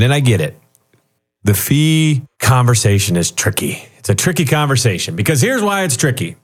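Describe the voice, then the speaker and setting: A man talking as a guest expert on a radio show, animated and joking as he explains. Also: medium pitch, normal speed. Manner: animated and joking, acts out quoted people. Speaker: guest author and retirement expert. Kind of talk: radio talk show conversation.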